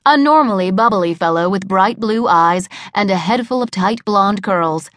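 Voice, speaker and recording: A woman's voice: mid-range voice, expressive, normal speed, a bit bright, a little hiss or hum. Wry woman narrating an audiobook. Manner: wry, comic, sardonic. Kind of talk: scripted first-person narration. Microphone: studio microphone.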